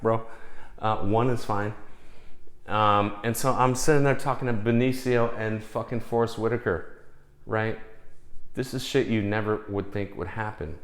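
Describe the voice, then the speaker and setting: A man's voice: fairly low pitch, reverberant. A man casually telling rambling, profane stories, acting out the voices of the people in them. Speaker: storyteller. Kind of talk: casual storytelling.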